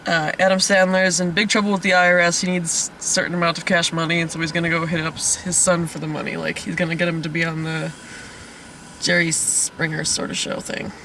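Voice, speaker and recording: A man's voice: a little high, flat delivery, fairly quick, bright, forceful tone, slight background noise. A man hosting a casual comedic movie review, rambling along and laughing often. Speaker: host of a movie review podcast.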